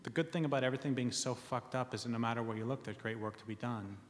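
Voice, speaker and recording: A man's voice: medium pitch, fast talker. A man giving a public talk, earnest with wry asides and frequent ums. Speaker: speaker reading from his book. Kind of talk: public talk reading premises to an audience. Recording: long reverb of a hall.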